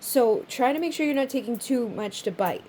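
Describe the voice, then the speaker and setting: A woman's voice: a little high, lively intonation, moderate pace, mellow, slight background noise. A woman giving a casual spoken tarot reading to viewers, chatty and swearing freely, often acting out little quoted voices. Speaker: tarot reader.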